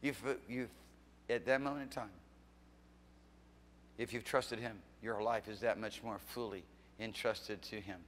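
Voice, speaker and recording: A middle-aged man preaching a fiery church sermon as pastor, swinging from loud exhortation to quiet asides and teasing questions. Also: fairly low pitch, fairly even intonation, measured pace, long pauses, a little hiss or hum. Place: church sanctuary. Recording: long hall reverb in a church.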